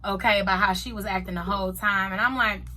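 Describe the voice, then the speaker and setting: A woman reviewing a TV show in a casual vlog, firing off blunt rhetorical questions, swearing freely as she tells a story. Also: medium pitch. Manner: animated, rapid rhetorical questions.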